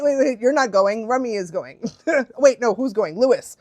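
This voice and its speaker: A woman's voice: on the high side, lively intonation, normal speed, a little mellow, dry recording. A young adult woman chatting casually on a live stream as a dog trainer, bubbly and laughing often.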